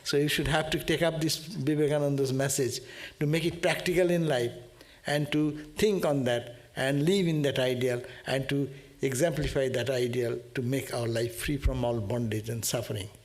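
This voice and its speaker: A man speaks at a devotional gathering in an earnest, halting way, often repeating a phrase. His voice sits at an ordinary middle pitch. He sounds like a swami giving closing remarks. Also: steady tone.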